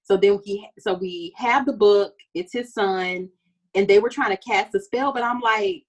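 A woman co-hosting a casual chat about a TV show, expressive and dramatic, laughing a lot. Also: mid-range voice, unhurried. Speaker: podcast co-host.

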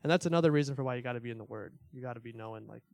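A young man gives a relaxed church talk, loose and chatty, with fillers and small laughs scattered through. His voice sits at an ordinary middle pitch. The sound is close and dry, with no room around it. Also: rapid-fire, creaky, no room sound. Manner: conversational, filler-heavy, self-deprecating laughs. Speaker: church teacher. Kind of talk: casual teaching talk.

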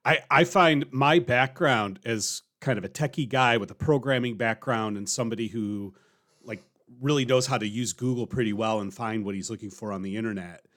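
A man hosts an interview podcast and talks in a relaxed, casual way. His voice sits at an ordinary middle pitch. He shares his own experiences plainly. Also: moderate pace. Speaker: podcast host. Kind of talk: conversational interview.

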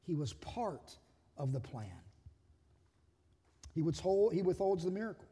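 A male pastor preaching a sermon in an animated way, acting out quoted voices and often repeating words as he goes. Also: high-pitched, unhurried, husky, in a large hall.

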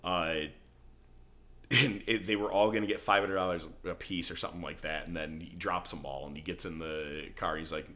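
A man's voice: low-pitched, fairly even intonation, a little fast, pushed and bright. A male podcast host chatting casually, animatedly retelling scenes and acting out quoted lines. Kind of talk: casual chat recapping a TV show.

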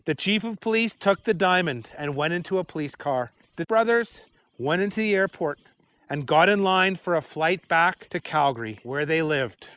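A man's voice: sits high, a bit bright, no echo. Man reading a story aloud.

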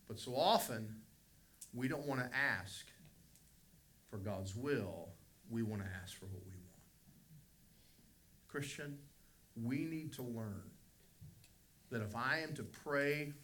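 Emphatic, bright-voiced preaching man. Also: mid-range voice. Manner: emphatic preaching, swells loud on key phrases. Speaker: pastor. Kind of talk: Sunday school sermon.

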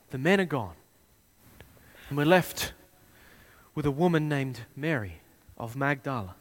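This man, whose voice is a little high, preaches a sermon and retells a scene, moving dramatically between quiet, hushed passages and loud ones.

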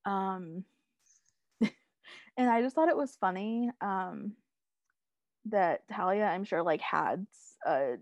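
Here a young podcast co-host recaps a TV episode, taking it slowly and pausing often in a medium-pitched voice. Her casual chat rambles, packed with "like" and "um" and frequent laughter. The recording is muffled but has no echo.

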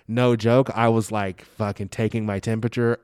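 A man in casual chat who swears constantly and tells animated stories about being a father, often stammering and restarting. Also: on the low side, normal speed, clear, resonant tone, dry recording, studio quality. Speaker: guest telling personal stories; father of a young daughter.

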